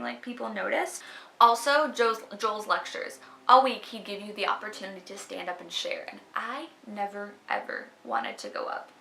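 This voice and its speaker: A chatty young woman speaks straight to her camera in a loose vlog manner, peppering her talk with "like". Her voice is bright with a gravelly fry at the ends of phrases. The room around her rings with noticeable echo. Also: a little high. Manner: chatty, fills speech with "like". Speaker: vlogger. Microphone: camera mic. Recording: echoey room.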